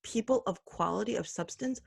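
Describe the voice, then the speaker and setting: Earnest woman with a gravelly edge. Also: mid-range voice, dry recording, clean studio sound. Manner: earnest and emphatic, mimics others in quick put-on voices. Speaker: podcast host. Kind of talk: opinionated solo commentary.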